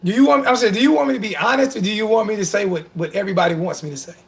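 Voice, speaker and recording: Brief: male sports talk host, high gravelly voice, emotional and sarcastic. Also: rapid-fire. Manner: emotional, animated, sarcastic, repeats himself.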